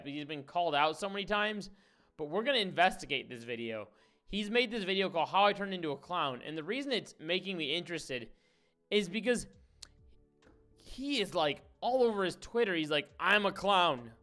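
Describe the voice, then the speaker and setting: Casual male streamer, bright and slightly high voice, blunt and incredulous. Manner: blunt, incredulous, rambling with fillers. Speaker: streamer reacting to videos. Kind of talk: casual live-stream commentary.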